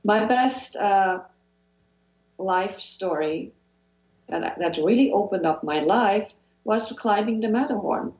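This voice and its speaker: Speaking slowly in a mid-range, slightly mellow voice, a Swiss-accented woman from Switzerland comes across as animated and earnest. She's a guest hypnotherapist in a motivational interview who often repeats phrases and restarts her sentences. Her audio is muffled, with room echo.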